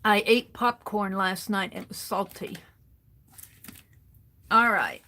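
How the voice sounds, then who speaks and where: Slow-talking woman crafter thinking aloud. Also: mid-range voice, pushed and bright. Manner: chatty, thinks aloud, greets viewers. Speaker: craft livestream host. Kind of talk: casual chat while sorting craft supplies. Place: home craft desk.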